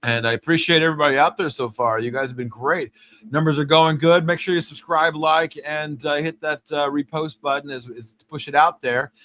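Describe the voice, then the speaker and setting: A man's voice: fairly high pitch, steady tone, brisk, fairly bright tone. A man hosting a live show, talking casually and rambling, with many repeated words. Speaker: host.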